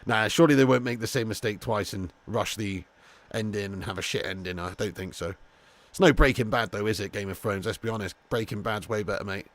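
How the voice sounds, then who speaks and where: A man hosting a live football watch-along, chatting casually to viewers, swearing freely, and getting loud when calling goals. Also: lowish voice, a little fast. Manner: casual, laddish, swears freely, calls viewers mate and lad. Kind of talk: live streamed football commentary and chat.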